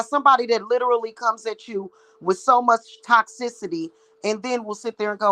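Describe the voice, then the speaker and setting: A woman's voice: fairly high pitch, lively intonation, a little fast, hardly any pauses, a bit bright, rough recording. A woman who works as a psychic reader, ranting to her viewers in a blunt, heated, profane monologue. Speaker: psychic reader and spiritual practitioner.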